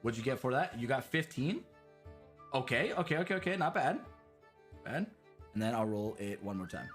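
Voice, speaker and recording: A man running a tabletop game as game master, animated and laughing, with faint music behind. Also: mid-range voice. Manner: animated, laughing, quick restarts.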